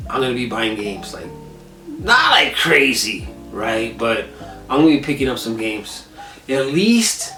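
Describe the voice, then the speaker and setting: A man's voice: medium pitch, far from the mic. Casual vlog host, male, chatty and rambling, mic set back in a roomy space, faint guitar underneath. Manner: rambling, animated retelling with lots of "I was like". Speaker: gaming channel host. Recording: echoey room, set back from the mic, soft guitar music.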